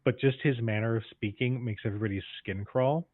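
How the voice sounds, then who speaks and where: A man joining a livestream chat as a guest, easygoing and quick to laugh, swearing casually. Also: medium pitch, no echo. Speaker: guest streamer. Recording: dry, phone-like call audio.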